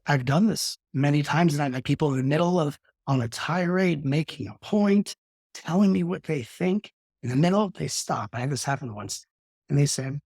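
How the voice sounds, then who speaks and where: A middle-aged man, a spiritual teacher, talking reflectively in an interview and slowing his speech to show calm breathing. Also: slightly rough, no echo, studio quality. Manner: slows down and softens to demonstrate calm breathing; acts out quoted arguments with sudden rises in pitch.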